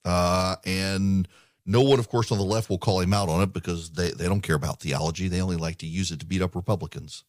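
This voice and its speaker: A man raised in the United Arab Emirates hosts a political talk radio show in a low, steady voice at a brisk pace, recorded dry with clean studio sound. He speaks emphatically and often repeats words as he starts a sentence.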